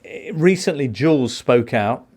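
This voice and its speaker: A man presents a football podcast with a lively, swinging pitch. He hands between segments with a casual, joking manner. His voice sits at an ordinary middle pitch. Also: measured pace, slightly rough. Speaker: podcast host. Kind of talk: casual chat.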